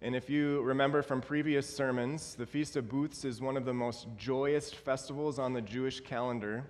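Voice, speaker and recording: A male pastor delivers a sermon in an easy, conversational way. He is earnest, and he often restarts his phrases with fillers. His mid-pitched voice trails a long reverb through a church hall. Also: fairly even intonation, moderate pace.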